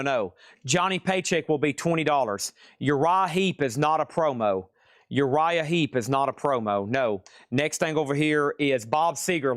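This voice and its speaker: A man hosting a live vinyl record sale stream from a record shop, calling prices in joking, rapid-fire patter and repeating his lines. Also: fairly high pitch, no echo, clean studio sound.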